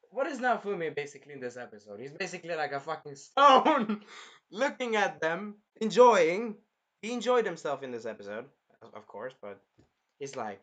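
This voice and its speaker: Man, somewhat high voice, casual rambling review chat, swears a lot. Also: moderate pace. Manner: rambling and animated, swears freely. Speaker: anime review host.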